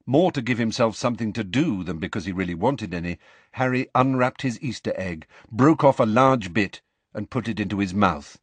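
A man narrating a storybook in an expressive, measured way. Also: lowish voice, husky, no echo. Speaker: audiobook narrator.

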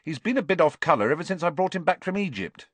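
A blunt, sarcastic teenage wizard boy, put on by a man reading a storybook, sits higher than an everyday voice. His pitch leaps about wildly as he protests. His delivery stays dry and close. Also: fast talker, no echo. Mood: worried. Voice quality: excitable and defensive.

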